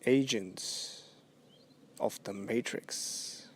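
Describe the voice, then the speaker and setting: A man hosting a solo podcast, musing in a rambling, halting way with drawn-out phrasing. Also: lowish voice, a little hiss or hum. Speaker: podcast host. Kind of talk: solo philosophical monologue.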